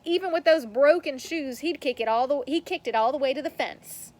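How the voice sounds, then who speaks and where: A woman's voice: high voice, fairly quick, a little mellow, lightly acted. A woman voicing a teasing schoolboy who mocks a classmate, reading a storybook aloud. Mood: mocking. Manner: mocking. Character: teasing schoolboy, rival kicker.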